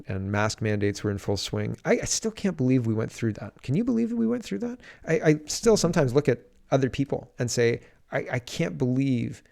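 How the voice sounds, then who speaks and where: A man's voice: mid-range voice, gravelly, a little mellow. A man doing casual political commentary on a livestream, reading viewer comments aloud and reacting in an indignant, rambling way with frequent restarts.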